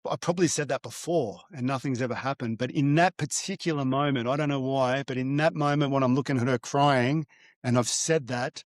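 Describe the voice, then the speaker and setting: A man's voice: medium pitch, no room sound. Reflective man, dry close sound. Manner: halting, with frequent fillers and restarts. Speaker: guest, divorced father. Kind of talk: reflective storytelling in an interview.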